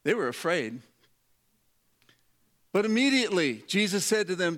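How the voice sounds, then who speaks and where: A man's voice: high-pitched, big pitch swings, normal speed, long pauses, fairly bright tone. A man preaching a sermon, dramatic, dropping his voice to act out prayers and quotes. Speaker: pastor.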